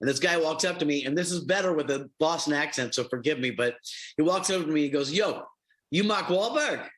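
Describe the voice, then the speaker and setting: Middle-aged male TV host, bright forward tone, easy anecdotal interview delivery. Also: on the high side, fast talker, rough recording. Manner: affable storyteller, animated. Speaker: reality show host. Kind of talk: TV interview answers.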